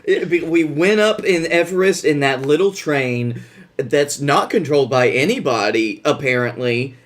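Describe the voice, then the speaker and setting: A man co-hosting a podcast, recapping a movie in casual chat with a wry, deadpan manner. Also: on the high side, moderate pace. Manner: wry, deadpan recaps with playful put-on voices. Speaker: podcast co-host.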